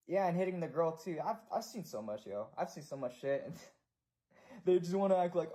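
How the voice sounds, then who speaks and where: Ranting young American man, somewhat high. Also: sing-song, normal speed, warm tone. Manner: profane, repetitive ranting. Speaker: livestreamer. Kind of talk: casual livestream rant.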